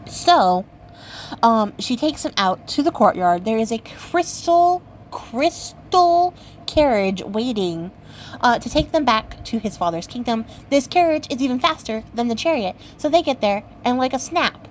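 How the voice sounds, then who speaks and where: A woman's voice: on the high side, lively intonation, normal speed, a little hiss or hum, poor audio. A young woman hosting a craft channel, retelling a fairy tale in a chatty, playful way with lots of fillers. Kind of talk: casual story retelling.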